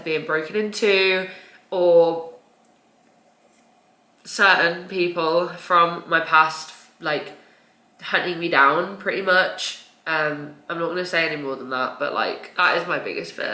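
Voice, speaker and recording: Bright-voiced young woman vlogging. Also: on the low side, animated, normal speed. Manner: rambling, frequent nervous laughs, swearing. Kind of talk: casual confessional vlog. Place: home, indoors. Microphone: camera. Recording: echoey room.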